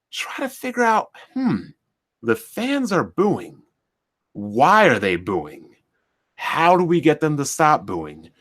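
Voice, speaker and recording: A man on his commentary channel rants directly to camera in a fairly high, animated voice whose pitch swings widely. He hammers his opinions home with rhetorical questions, repeating them one after another.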